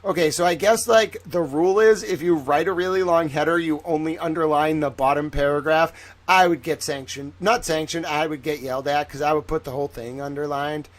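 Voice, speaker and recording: A man's voice: a little high, steady tone, brisk. A man doing casual livestream commentary on legal filings, talking with a put-on Southern drawl. He rambles with joking asides and fills his talk with "like". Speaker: live-stream legal commentator.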